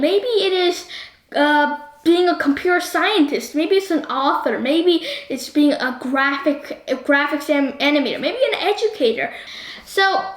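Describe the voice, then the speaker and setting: A woman reviewing a movie in a chatty, animated way, constantly asking the viewer what they think. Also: high voice. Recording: roomy echo.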